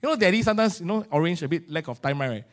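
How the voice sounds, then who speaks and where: A middle-aged man with a Singaporean English accent preaching a sermon, telling a story with animated swings in loudness and Singlish particles. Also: fairly high pitch, rapid-fire.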